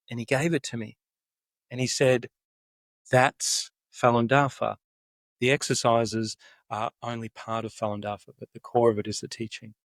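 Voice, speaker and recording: A man's voice: medium pitch, no room sound. A man as a podcast guest, earnestly and enthusiastically explaining a practice step by step. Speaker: guest, spokesperson for a spiritual practice.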